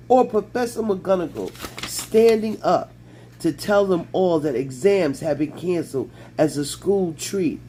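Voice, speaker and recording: Man, storybook reading, slightly high voice, mellow, faint hiss. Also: low-quality recording. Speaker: audiobook reader.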